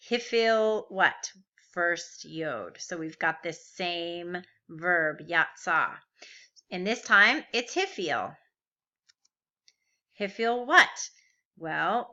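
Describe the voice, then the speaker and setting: A woman's voice: lowish voice, bright, forceful tone, dull audio. A woman teaching a recorded grammar lesson, patiently walking through verb forms step by step and asking rhetorical questions. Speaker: Biblical Hebrew teacher.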